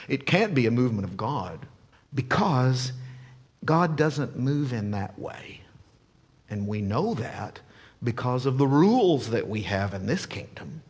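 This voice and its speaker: A male pastor delivers a sermon with animated, playful energy and frequent rhetorical questions. His voice is husky at mid pitch. A long church reverb trails every phrase. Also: unhurried, highs cut off.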